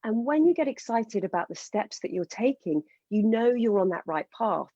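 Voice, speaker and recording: Woman coach guest, warm mellow tone, eager and passionate, slightly dull lo-fi recording. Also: mid-range voice, animated, normal speed, no room sound. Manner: passionate, enthusiastic explaining. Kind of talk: podcast interview.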